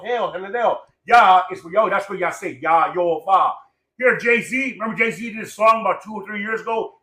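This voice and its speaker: Loud preachy man ranting in an echoey room. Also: high-pitched. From Samoan heritage, born in Los Angeles. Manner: profane, preachy, repetitive, rapid-fire. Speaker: podcast guest. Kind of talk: casual ranting talk.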